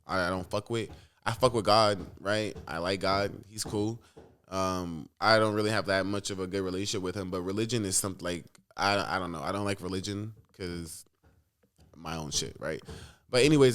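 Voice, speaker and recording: A man's voice: on the low side, a little fast, a bit bright, smooth. A young man rambling through a personal story in a casual vlog, swearing often and jumping between thoughts. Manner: rambling, profane, restless storytelling. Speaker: vlogger.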